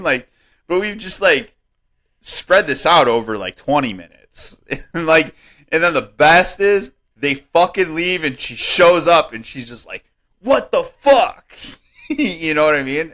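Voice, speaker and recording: A man co-hosting a comedy podcast, rambling and swearing in casual chat, laughing often and jumping up in pitch when worked up. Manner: animated, voice jumps up when worked up. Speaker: podcast co-host.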